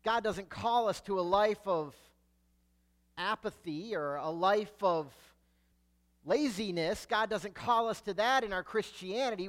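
A man preaching a sermon, emphatic, swelling loud on key words and sinking low and quiet at the ends of phrases. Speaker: pastor.

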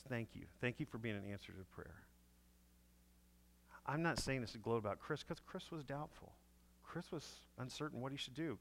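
A man preaching, telling a story and acting out each person's lines. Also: medium pitch. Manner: animated storyteller acting out dialogue. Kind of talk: sermon storytelling. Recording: echoey hall with long reverb.

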